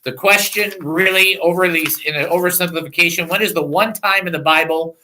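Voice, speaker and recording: A man with a high voice talks briskly as host of a Christian call-in radio show, speaking from a studio microphone. He is animated, laughing and making joking asides, and the rough recording has slight background noise.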